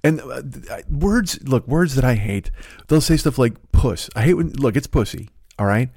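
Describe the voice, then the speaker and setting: A middle-aged man rants profanely as a comedy podcast host, exasperated and scoffing. His voice sits at an ordinary male pitch. The recording is dry and close. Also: expressive, moderate pace, a little mellow, slightly rough, no room sound.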